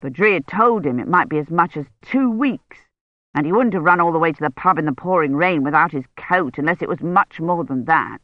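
A woman narrating a novel in a steady, even reading voice. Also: low voice, brisk, no room sound. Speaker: audiobook narrator. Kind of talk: scripted narration. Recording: dull lo-fi recording.

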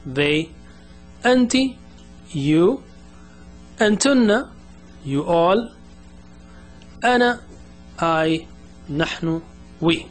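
Male language teacher, slightly high voice, patient repetition drills, soft music underneath. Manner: slow, deliberate, drills words for repetition. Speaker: Arabic teacher. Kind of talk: beginner language lesson.

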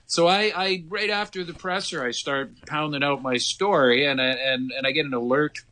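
A sports reporter calling in to a radio show, telling a story animatedly with lots of restarts. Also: male voice, a little high, moderate pace, pushed and bright. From United States. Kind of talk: casual radio phone chat. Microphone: phone line.

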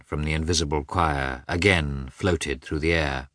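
Deep-voiced man narrating a classic novel. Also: dry recording, clean studio sound. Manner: measured, even literary reading. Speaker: audiobook narrator.

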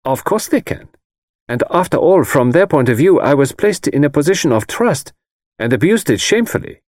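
A breezy, self-assured young woman, as a male narrator raises his voice for her, lifting well above his own pitch with lively, swooping turns. The voice is crisp and close with no room around it, bright and a little teasing, cheerful and unbothered. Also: normal speed, no room sound. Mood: breezy, confident.

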